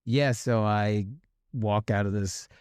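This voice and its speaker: A man's voice: on the low side, fairly even intonation, slow pace, a little mellow, clear, resonant tone, no echo, studio quality. A man in his forties telling a story on a podcast in a rambling, profane way, full of fillers and laughs. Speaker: podcast guest. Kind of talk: casual storytelling.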